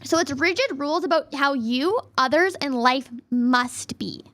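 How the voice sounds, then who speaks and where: A high-pitched young woman talks through a livestream lesson in a loose, chatty way. She stacks up fillers, restarts her sentences often, and drifts between points. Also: measured pace, fairly bright tone. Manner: rambling, filler-heavy, lots of "like" and restarts; reads chat and thanks viewers in a high squeal. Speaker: VTuber streamer. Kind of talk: casual livestream lesson on cognitive distortions.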